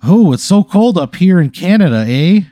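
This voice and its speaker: A man voicing a hammy older man dressed as a Mountie in a cheesy commercial, loud and raised. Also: high voice, very animated, moderate pace, no room sound, pitched above the performer's own voice.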